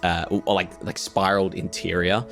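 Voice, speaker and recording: A man's voice: sits low, level tone, brisk, creaky, a bit bright, soft background music. A man narrating as game master of a tabletop game, rambling through descriptions with lots of fillers.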